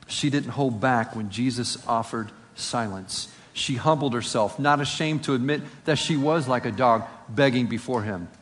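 A man preaching a sermon. He reads scripture aloud, then explains it conversationally and asks rhetorical questions. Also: medium pitch. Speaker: pastor. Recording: long reverb of a large hall.

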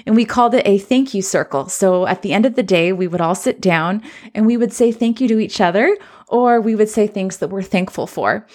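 A woman, a former teacher now working as a coach, telling a personal story in an earnest, reflective way. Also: medium pitch. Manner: earnest, reflective, re-enacts children's voices.

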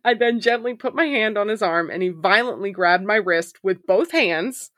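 A woman's voice: medium pitch, moderate pace, a bit bright, no room sound, clean studio sound. A woman hosting a podcast, reading listener stories aloud in a casual way, swearing freely and laughing often. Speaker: podcast host.

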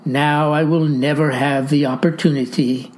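A woman's voice: deep voice, steady tone, moderate pace, a little mellow, lightly acted. Woman reading as an earnest young boy.

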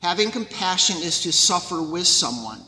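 A man preaching a sermon as pastor, in a measured storytelling way. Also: high-pitched, sing-song, bright, forceful tone, roomy sound, in a large hall, rough recording.

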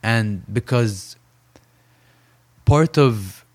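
A young man, a professional boxer, telling an intense story in a conversational interview and slowing down to stress his key points. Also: fairly low pitch. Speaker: professional boxer, podcast guest.

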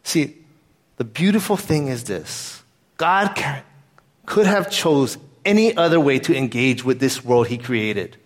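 A man's voice: mid-range voice, lively intonation, measured pace. A man pastor giving a sermon in an earnest, conversational way, weaving in a personal story.

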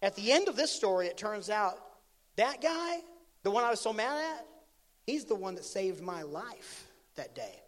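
High-voiced animated man preaching in a hall. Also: moderate pace. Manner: animated storyteller, swings between loud and hushed. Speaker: pastor. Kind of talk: sermon storytelling.

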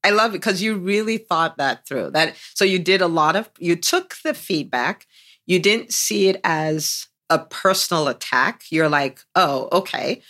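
A woman's voice: on the low side, lively intonation, unhurried, fairly bright tone. A woman hosting a business podcast, enthusiastically unpacking and praising her guest's story in an interview chat. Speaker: podcast host and business coach.

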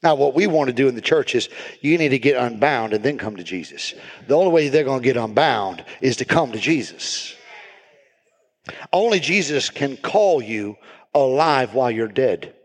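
A man preaching a sermon as pastor, building to shouted, repeated emphasis. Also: mid-range voice, lively intonation, normal speed. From United States. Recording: reverberant hall.

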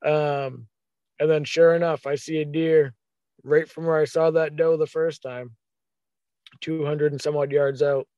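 A man telling a hunting story in a casual, animated way, acting out his own thoughts as quotes. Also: on the high side, a little slow, no echo, highs cut off.

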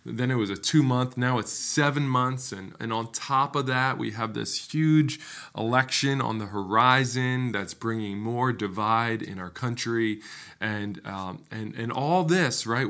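A man hosting a faith podcast, speaking earnestly and conversationally. He works through scripture with plenty of fillers and quick restarts. His voice sits at an ordinary middle pitch. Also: fairly bright tone. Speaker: podcast host. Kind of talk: casual devotional podcast talk.

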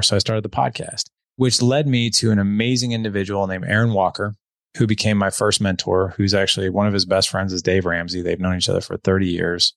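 Middle-aged man, low-ish voice, animated storyteller, dry close mic. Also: fairly quick, creaky, no room sound. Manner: animated, acts out dialogue. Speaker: podcast guest. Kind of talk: storytelling in casual conversation.

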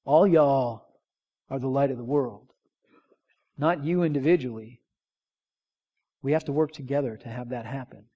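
A man's voice: mid-range voice, normal speed, long pauses, muffled recording. A man preaching a sermon, conversational, asking the congregation rhetorical questions and drawing call-and-response. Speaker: pastor.

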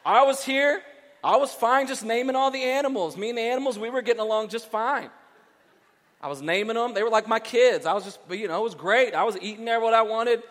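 A male pastor voicing a whiny grown man who blames his wife for everything, his voice pushed high in an exasperated complaint. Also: brisk, fairly bright tone, big-room sound. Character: whiny adult man blaming his wife, playing Adam.

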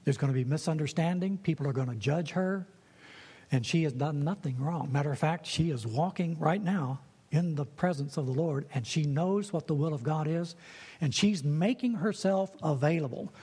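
A man's voice: on the high side, normal speed, warm tone, slightly rough. A man preaching a sermon in an earnest way, repeating key phrases for emphasis. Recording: long reverb of a hall.

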